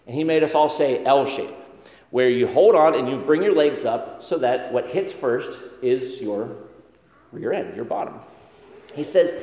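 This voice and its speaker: Guy preaching in a big echoey church, chatty storyteller, pokes fun at himself, lively voice. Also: mid-range voice, unhurried. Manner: storytelling, conversational with self-deprecating humor. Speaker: pastor. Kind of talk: sermon. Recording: echoey hall with long reverb.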